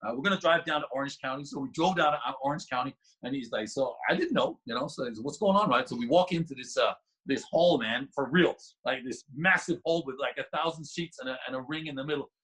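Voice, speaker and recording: A man's voice: mid-range voice, fast talker, few pauses, breathy edge, rough recording. A man guest on a podcast, telling a story casually with lots of restarts and laughter. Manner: animated, laughing, many restarts.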